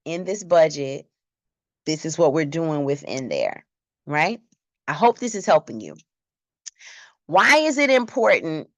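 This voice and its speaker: Low-voiced woman teaching a Bible class. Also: sing-song, measured pace, pauses often, no room sound, dull audio. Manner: conversational, asks the class questions. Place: church.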